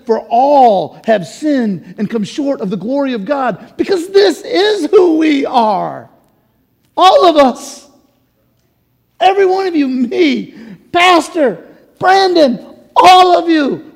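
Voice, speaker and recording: Man, sermon, emphatic preaching, gravelly, long church reverb. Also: very high-pitched. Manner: emphatic, swings from loud to hushed. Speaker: pastor. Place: church sanctuary.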